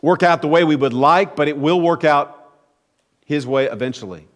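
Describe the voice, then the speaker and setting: A man's voice: on the high side, normal speed. A man preaching a sermon as pastor, telling stories conversationally with emphatic, rising peaks. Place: church sanctuary. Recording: long church hall reverb.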